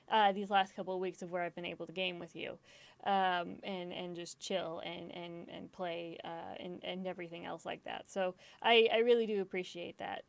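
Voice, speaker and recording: A woman's voice: lowish voice, vocal fry, no echo. A woman gaming streamer in casual chat, rambling, swearing often and laughing easily, self-deprecating and emotional.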